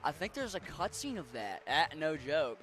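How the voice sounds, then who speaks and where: A young game streamer from Western Maryland, his accent a mix with Appalachian, rambles and swears freely while chatting with viewers as he plays. His voice is a little high, very animated, and fairly bright, at a normal speed.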